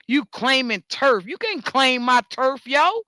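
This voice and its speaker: High, bright-voiced New woman ranting. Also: lively intonation, unhurried, no echo. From New York. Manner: profane, emphatic, repeats words for force. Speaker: talk show host. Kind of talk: ranting monologue.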